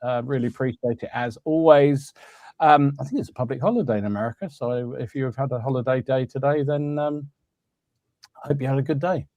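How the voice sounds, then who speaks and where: A man's voice: mid-range voice, a little fast, a little mellow, no room sound. A man hosting a live hobby podcast, chatting casually, greeting viewers by name and laughing often. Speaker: podcast host. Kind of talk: casual live-stream chat.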